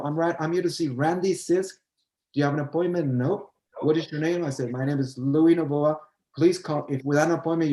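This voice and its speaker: A man's voice: a little high, a little mellow, reverberant, rough recording. An older man, a choreographer and guest, telling a story in a casual chat and acting out both sides of the remembered dialogue.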